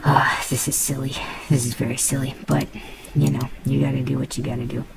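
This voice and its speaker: Gravelly low-voiced woman playing a game. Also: flat delivery, brisk, heavy background noise. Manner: playful, muttering to herself, swearing. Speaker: gamer. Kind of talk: casual gameplay commentary.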